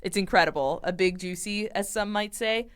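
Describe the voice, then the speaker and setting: A young woman co-hosts a podcast, speaking at normal speed in a mid-range voice with a clean tone and no echo, recorded close to the mic. Her storytelling is casual and animated, with quoted dialogue acted out.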